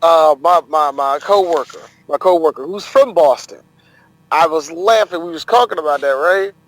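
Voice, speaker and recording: A man's voice: a little high, normal speed, dry recording, poor audio. A man co-hosting a casual sports podcast, joking, swearing and laughing often. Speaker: podcast co-host.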